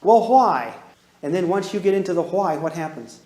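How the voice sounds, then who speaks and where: In a hall with noticeable echo, a fast-talking man gives a parenting lecture to a live crowd. He is lively and full of jokes, playing out short dialogues with dramatic shifts in pitch and loudness.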